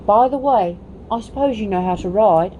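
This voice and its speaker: Bossy talking war horse, brisk and sniffy, mellow low-key tone, as a mom reading aloud puts him on. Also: female voice, highs cut off, slight background noise, natural voice. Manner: bossy, clipped, contemptuous.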